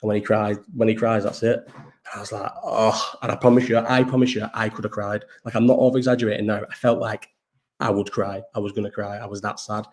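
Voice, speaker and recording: A man's voice: fairly low pitch, little pitch movement, fast talker, a little mellow. A tired man, hosting a live chat in a rambling casual way, swearing often and trailing off mid-sentence. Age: 30s.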